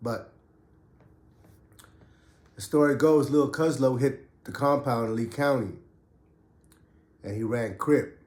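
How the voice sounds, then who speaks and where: A man's voice: medium pitch, slow pace, pauses often, a little mellow, echoey room. A man casually telling a story from his prison days in street slang, getting over a cough. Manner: street slang, loose and conversational. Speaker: podcast host and ex-prisoner.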